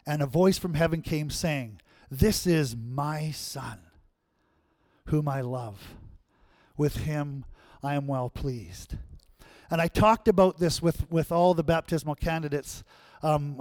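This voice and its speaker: Pastor guy preaching, keeps asking right? amen?, fairly high voice. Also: no echo. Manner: conversational preaching with frequent "right?" and "amen?" check-ins. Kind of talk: sermon.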